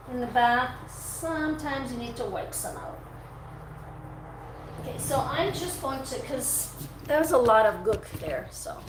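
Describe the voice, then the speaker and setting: Woman dog groomer, live-stream host, casual and cooing, device mic in a noisy, reverberant grooming room. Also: high voice. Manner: chatty, coos at the dog between talking to viewers. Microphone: device mic, her own mic not set up. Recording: echoey room with background noise.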